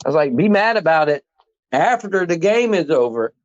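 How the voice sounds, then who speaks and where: A man, co-hosting a casual sports podcast, telling animated, profane stories and quoting himself. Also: a little high, normal speed, no room sound. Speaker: podcast co-host. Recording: dull, dry lo-fi sound.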